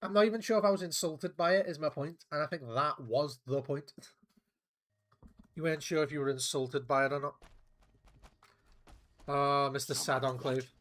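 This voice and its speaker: A man's voice: a little high, moderate pace, pauses often, a bit bright. A man streaming a video game, chatting casually in a rambling, profane way, with restarts. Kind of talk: casual gameplay commentary.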